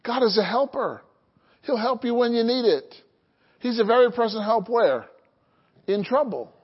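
A man's voice: very high voice, lively intonation, normal speed, husky, highs cut off. A man preaching a sermon as pastor, calling out to the congregation and prompting them to answer back. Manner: call-and-response preaching, asks the congregation to answer.

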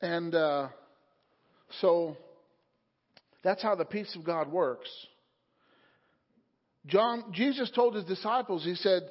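A man preaching a sermon, telling a story calmly and then rising to loud, fervent preaching. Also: high-pitched, slow, long pauses. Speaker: pastor. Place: church sanctuary. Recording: muffled sound in a reverberant hall.

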